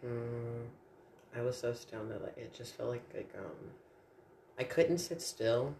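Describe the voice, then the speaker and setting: A man telling stories in a casual chat as a guest, animated and swearing freely. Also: mid-range voice, unhurried, gravelly. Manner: animated, profane storytelling. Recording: echoey room with faint background hum.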